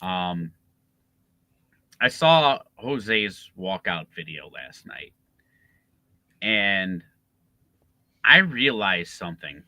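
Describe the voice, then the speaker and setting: A man's voice: low-pitched, sing-song, drawn-out words, pauses often, bright, forceful tone, no room sound, low-quality recording. A man co-hosting a casual sports podcast, ranting with lots of swearing and laughter. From Chicago area. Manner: profane, ranting, laughing often. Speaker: podcast co-host.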